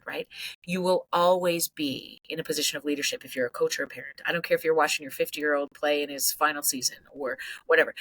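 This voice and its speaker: A middle-aged woman psychologist from Canada, talking energetically on a podcast and breaking into loud acted outbursts. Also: on the low side, dry recording, poor audio. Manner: animated storyteller, swings into loud acted outbursts. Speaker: psychologist guest.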